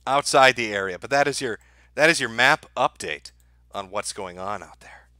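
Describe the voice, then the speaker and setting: A man's voice: medium pitch, animated, normal speed, pushed and bright, no echo, studio quality. A man hosting a live stream, talking to his chat in a sarcastic, crude and profane way.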